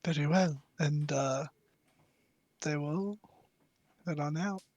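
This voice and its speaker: A man's voice: on the high side, slow pace, a little mellow, no room sound, lo-fi sound. A young man narrating as game master, rambling with many fillers.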